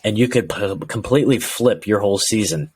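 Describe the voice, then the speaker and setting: A man with a fairly low voice talks football with a co-host in a relaxed podcast chat. He gets animated and slips into mock voices of frustrated fans. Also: a little fast, a little hiss or hum. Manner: animated, acts out fans' rants in quoted voices. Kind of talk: casual sports chat.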